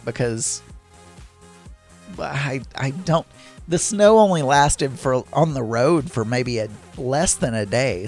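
A man casually telling a rambling story, with many restarts and asides. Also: medium pitch.

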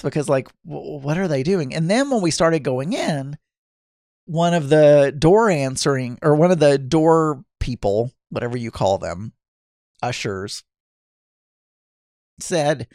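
Animated man telling a casual story. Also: on the high side, unhurried, no echo, clean studio sound. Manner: animated, rambling with restarts.

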